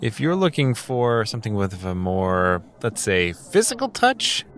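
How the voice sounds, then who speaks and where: A man's voice: lowish voice, animated, a little slow. A man narrating a tabletop role-playing game as game master, with playful salesman patter. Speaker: game master voicing shopkeepers.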